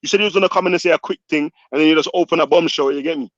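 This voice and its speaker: A man's voice: a little high, rapid-fire, no room sound. A man with hosting a heated live-stream debate, cutting in and repeating words urgently. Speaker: stream host moderating a debate. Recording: dull lo-fi online audio.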